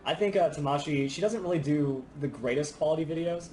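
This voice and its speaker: A man's voice: on the high side, fairly quick, mellow, faint music behind. A man giving a hesitant, rambling opinion in a casual clip.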